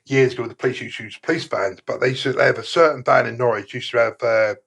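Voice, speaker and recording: A middle-aged man, a podcast guest telling rough stories casually, rambling and swearing with many fillers. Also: medium pitch, quick pace, fairly bright tone. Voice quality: gravelly, husky. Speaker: guest, former prisoner. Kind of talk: casual storytelling in a podcast interview.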